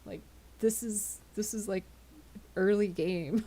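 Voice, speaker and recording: A woman's voice: mid-range voice, steady tone, slow pace, long pauses, warm tone, a little hiss or hum. A tired woman chatting casually with her viewers on a live stream, giggly and often tripping over her words. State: tired, yawning.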